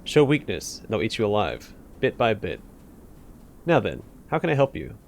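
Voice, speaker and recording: A man voicing a stern but friendly male militiaman, explaining calmly and firmly. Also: lowish voice, normal speed, vocal fry, a little hiss or hum.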